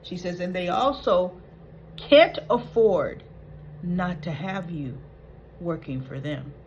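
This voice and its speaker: A woman's voice: lowish voice, unhurried, dull audio, slight background noise. A woman hosting a soap opera recap, retelling scenes in a chatty, opinionated way.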